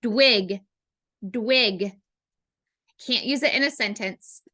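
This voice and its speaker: Woman, phonics teacher, slow and deliberate, sounds out each word, bright clear tone. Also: fairly high pitch. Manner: slow, sounding out words letter by letter. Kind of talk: phonics lesson for children.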